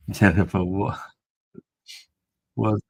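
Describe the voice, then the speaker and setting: Male host, deep husky voice, loose crude banter with viewers. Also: little pitch movement, very slow, rough recording. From Kent, England. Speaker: host of a beer review live stream. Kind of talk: casual live-stream chat.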